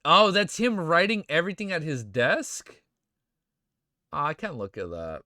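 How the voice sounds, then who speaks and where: A young man streaming, reacting emotionally and excitedly to fan art in casual chat, swearing often and calling viewers dude and bro. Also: fairly high pitch, a little slow, no echo, clean studio sound.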